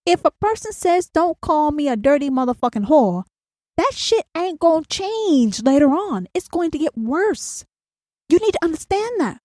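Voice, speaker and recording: A woman's voice: sits high, big pitch swings, normal speed, mellow, dry recording. A woman hosting a solo podcast, talking bluntly and profanely and pressing her points with repeated rhetorical questions. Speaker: podcast host.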